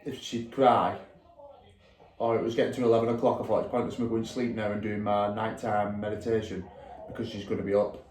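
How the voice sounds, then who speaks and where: A man's voice: fairly low pitch, level tone, fairly quick, darkish tone, slight background noise. A man chatting casually in a vlog, joking in a dry way. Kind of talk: casual chat. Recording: echoey room.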